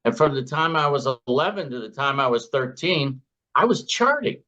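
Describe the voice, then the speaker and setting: A former floor trader from Chicago, a man in his sixties, tells anecdotes in a chatty interview and acts out his own and others' quoted lines. His mid-range voice is very animated, pushed and bright, at a moderate pace. The recording is lo-fi.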